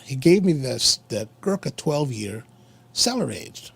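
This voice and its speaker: A man's voice: medium pitch, very animated, measured pace, gravelly, slightly rough. A man co-hosting a casual chat show over coffee and cigars, telling a rambling story with many restarts. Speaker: podcast co-host.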